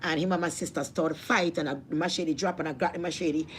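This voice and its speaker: A woman's voice: sits low, fairly even intonation, a little fast, a little hiss or hum. A woman with a Jamaican accent telling a personal testimony, emotional and repetitive, with religious appeals. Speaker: vlogger.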